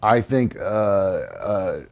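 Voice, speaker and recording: A man's voice: on the low side, big pitch swings, extremely slow, creaky. A man hosting a live show, talking casually with many fillers and restarts. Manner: chatty, hedging, with fillers and restarts. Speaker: podcast host.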